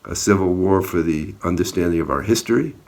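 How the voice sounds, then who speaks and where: A little fast and darkish in tone, this low-pitched voice belongs to an activist telling, on video, about an encounter outdoors. He's earnest and plain, with moments of heat.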